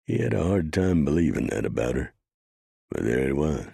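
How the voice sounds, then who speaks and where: A man reading a western audiobook in measured scripted narration. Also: rumbling low, very animated, vocal fry, mellow, breathy edge, no room sound, studio quality.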